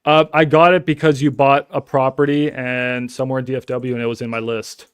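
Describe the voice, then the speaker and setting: Excitable man. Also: medium pitch, fairly quick, clean tone, dry recording. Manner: excitable, chatty, talks straight to viewers. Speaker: wholesaler hosting a live stream. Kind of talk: casual live-stream chat and phone call. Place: home office.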